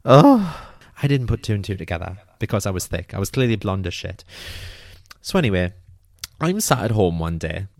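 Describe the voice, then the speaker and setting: A young British man hosting a podcast, telling his own story in an animated, self-mocking way and swearing freely. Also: low voice, a little fast, creaky, dry recording, studio quality. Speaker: podcast host.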